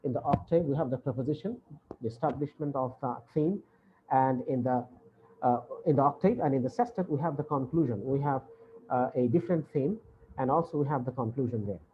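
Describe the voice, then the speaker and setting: A man's voice: medium pitch, brisk. Male lecturer, patient explainer with many hesitations, dull video-call audio, faint hiss. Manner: explains patiently, repeating points with frequent "uh". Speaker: university English lecturer. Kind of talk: online lecture.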